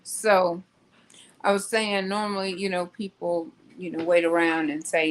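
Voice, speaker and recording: A woman hosting a casual live talk, pausing often with ums and restarts. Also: on the low side, flat delivery, a little hiss or hum, poor audio. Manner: slow, hesitant, many ums and restarts. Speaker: host.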